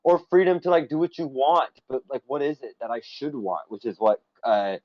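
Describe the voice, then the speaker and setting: A man from the United States chats loosely on a stream, piling up fillers and tangents as he talks. He has a middle-pitched voice. The recording is dry and slightly muffled. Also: moderate pace, dry recording. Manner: rambling, filler-heavy, enthusiastic. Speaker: podcast co-host and essay author. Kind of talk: casual stream chat.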